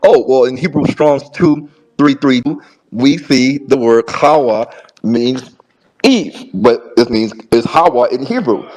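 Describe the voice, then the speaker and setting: A man's voice: mid-range voice, lively intonation, darkish tone, low-quality recording. Man arguing in a rambling debate. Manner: repeats words, many restarts, rapid lists of words. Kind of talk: debate argument.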